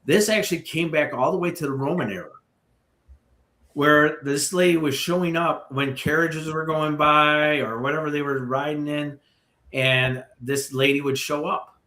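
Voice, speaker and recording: Animated man telling ghost stories. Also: on the high side, normal speed, roomy sound. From Chicago area. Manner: animated storyteller with many asides. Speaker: paranormal tour guide, guest. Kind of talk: ghost-story telling on a podcast.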